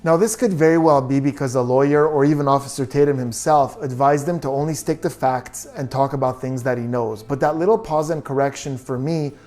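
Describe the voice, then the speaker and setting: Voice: medium pitch, a little fast, hardly any pauses, darkish tone. A body language analyst giving true crime video commentary, reasoning through details and asking many questions.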